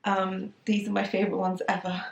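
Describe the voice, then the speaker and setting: Her voice is medium in pitch, monotone and gravelly, and she speaks fairly quickly; the sound is reverberant with a little hiss or hum. She is a young British sewing vlogger casually discussing her handmade clothes at home, giggly and heavy on fillers and asides.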